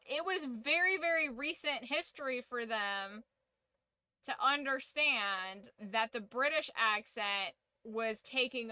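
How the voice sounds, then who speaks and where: A woman's voice: on the high side, pushed and bright, clear, resonant tone, no echo. A woman hosting a casual livestream, giving an opinionated, profanity-laced rant. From United States. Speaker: streamer and channel host.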